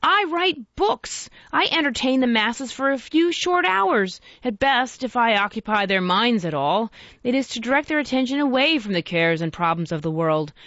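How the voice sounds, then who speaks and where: A woman's voice: on the high side, lively intonation, normal speed, fairly bright tone, dry recording, dull audio, pitched above the performer's own voice. A woman reading aloud and voicing a troubled, impassioned Victorian author who speaks in an earnest, oratorical way.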